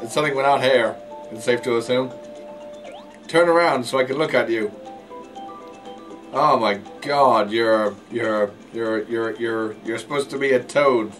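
A man gives casual let's play commentary in a plain mid-pitched voice, poking fun at his own driving. He trips over his words and repeats himself, with bright game music clearly audible behind him. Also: a little slow, long pauses, low-quality recording. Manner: jokey, self-mocking, stumbling over words. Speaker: gameplay commentator.

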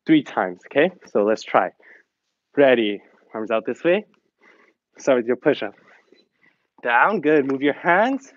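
A man coaching an online exercise class, a little out of breath as he cheers students on and counts reps, switching between English and Korean. His voice sits at a middle pitch. The recording is dry and dull, like a lo-fi video call. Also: expressive, a little slow, long pauses, no room sound. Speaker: fitness instructor.

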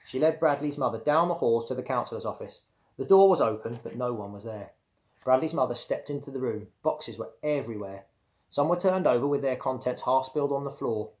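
A man, a primary school teacher, reading a children's story aloud in a clear, steady way. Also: medium pitch, brisk.

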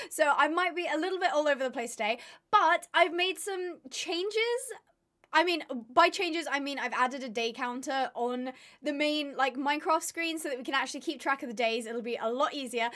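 A woman's voice: sits high, sharp tone. A young woman live-streaming, chatting casually with her viewers, tired and with her voice giving out. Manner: chatty, rambling, laughs often. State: tired, voice going.

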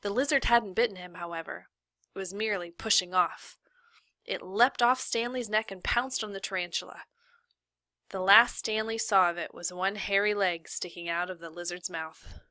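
Bright-voiced woman reading a novel. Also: mid-range voice, dry recording. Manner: steady, measured narration. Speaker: reader.

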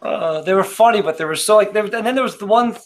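A man's voice: high voice, fast talker. A man co-hosting a casual beer review chat, rambling with restarts and swearing freely. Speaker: podcast co-host reviewing beer.

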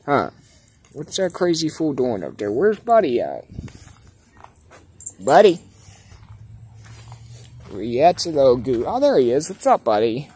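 A man in a casual video, talking to his outdoor cats and explaining their quirks. He speaks slowly and loosely, and his pitch swings a lot as he teases them. Faint outdoor noise runs underneath. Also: wildly swooping pitch, dark tone. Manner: laid-back, chatty, talks fondly and teasingly to the cats. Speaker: cat owner filming his outdoor cats. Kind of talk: casual vlog narration. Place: outdoors at home.

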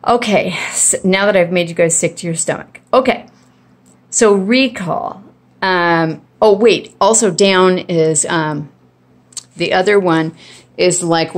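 A woman filming on a handheld phone in her home kitchen, casually showing dog training with a chatty, rambling delivery full of restarts and ums. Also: on the low side. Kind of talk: casual home video demonstration. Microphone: phone held in hand.

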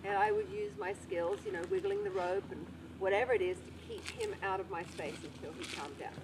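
A woman's voice: sits high, a little fast, creaky. A woman horse trainer explaining horse behaviour outdoors by a paddock, acting out little voices as she talks. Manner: animated, acts out little voices for horses and people. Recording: distant mic with loud outdoor noise.

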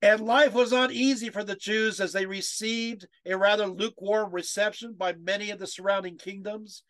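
Male lecturer on a video call, high-pitched, emotional, prone to restarts and rhetorical questions. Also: steady tone, normal speed, a bit bright, dry recording. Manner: emotional, chokes up while reading quotes; many fillers and restarts, asks the audience rhetorical questions.

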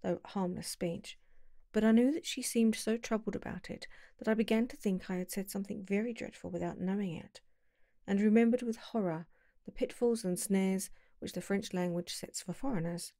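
A woman narrating an audiobook in a calm, measured storytelling voice on a close mic. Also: mid-range voice, dry recording.

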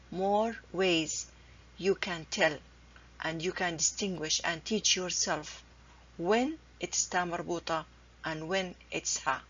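A woman teaching a language lesson, patiently repeating each example slowly and carefully. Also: on the low side. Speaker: Arabic teacher. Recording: dull lo-fi recording.

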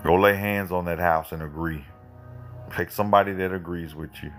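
A man's voice: steady tone, moderate pace, a bit bright, soft background music. A man from Oklahoma leading a fervent live prayer, repeating phrases and answering viewers' requests. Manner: fervent, repeats phrases, rises in pitch when pleading. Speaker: prayer leader.

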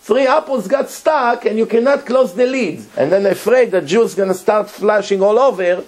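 A man's voice: high-pitched, moderate pace. A man, a rabbi giving a Torah lecture, telling a story emphatically and repeating words for effect.

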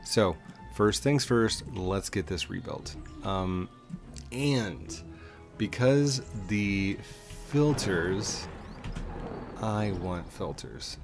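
Low-pitched gravelly male streamer, unhurried talk to himself and chat, music playing underneath. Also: expressive. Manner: rambling, talks to himself while building, squeals greetings to viewers. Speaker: gaming streamer. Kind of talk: casual gameplay chat. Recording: clear background music under voice. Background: background music.

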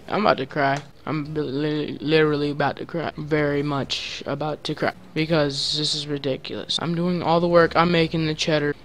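A man giving excitable gaming commentary, trash-talking his teammates with sudden loud yelps. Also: fairly high pitch, slight background noise. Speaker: gaming channel host.

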